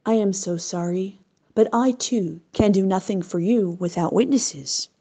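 A wise, merciful king speaks gently and unhurriedly, as a woman reading a storybook voices him. His lines are calm and measured. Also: mid-range voice. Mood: regretful.

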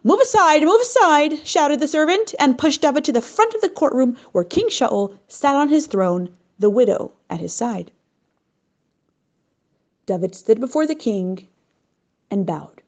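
Expressive, slow-paced woman storyteller. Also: fairly high pitch. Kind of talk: scripted narration.

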